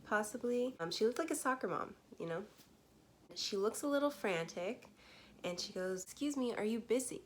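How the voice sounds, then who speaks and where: A woman in her twenties chatting casually on camera as she tells a true story, with frequent laughs and lots of fillers. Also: on the low side. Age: 20s. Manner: chatty, laughs often, many "like"s. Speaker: vlogger.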